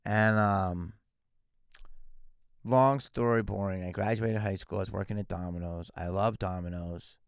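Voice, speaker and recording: A man in his fifties from the Philadelphia area, a guest actor telling lively stories on a podcast and acting out the people he quotes. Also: deep voice, unhurried, smooth, no echo, studio quality. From Philadelphia area, USA. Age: 50s. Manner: animated, acts out quoted dialogue. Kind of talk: casual podcast storytelling.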